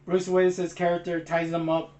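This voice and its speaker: A young man co-hosting a movie review, retelling the plot quickly and excitedly. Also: high-pitched, roomy sound. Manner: excited, fast retelling, says "bro". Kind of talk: casual movie chat.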